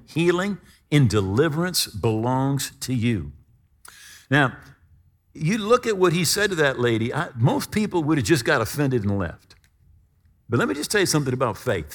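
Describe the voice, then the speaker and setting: Preacher guy giving a sermon, voice jumps all over, really emphatic. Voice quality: lively, expressive intonation. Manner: emphatic, dramatic swings in pitch and volume.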